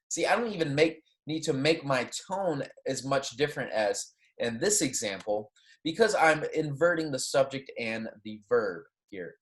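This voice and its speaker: Patient male teacher, lecture delivery, models example sentences with clear rising and falling tones. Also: medium pitch, animated, normal speed. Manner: patient, explanatory, frequent "okay?" and "right?" check-ins; models Spanish example sentences with exaggerated intonation. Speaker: Spanish teacher. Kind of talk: recorded classroom lecture.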